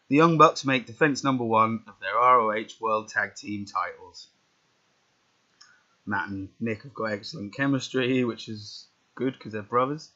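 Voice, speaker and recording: A man's voice: on the low side, sharp tone. A man casually commentating a wrestling management game, reading out results with rambling muttered asides. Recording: dull lo-fi recording.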